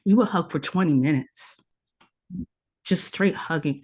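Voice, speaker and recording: Woman, low-pitched, earnest teacher, repeats key phrases, podcast guest. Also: a little slow, pauses often, darkish tone, slightly rough. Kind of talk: conversational podcast interview.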